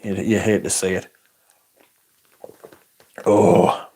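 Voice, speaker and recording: A man's voice: on the low side, little pitch movement, slow pace, darkish tone. Chuckling man chatting on a livestream. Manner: rambling, chuckling, swears freely. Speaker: livestream host. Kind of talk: casual chat reading viewer comments.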